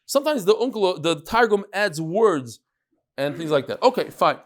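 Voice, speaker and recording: A man's voice: sits high, very animated, normal speed. A middle-aged man teaching a daily Talmud class in a conversational way, with frequent asides and restarts. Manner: conversational, mixes Hebrew and Aramaic terms, frequent restarts and asides.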